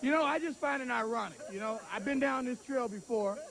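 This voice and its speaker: Fiery high-voiced man taunting at a press conference. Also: brisk, creaky, crowd noise, poor audio. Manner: loud, taunting, preacher-like rhetorical cadence. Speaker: boxing manager and trainer. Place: crowded press conference hall.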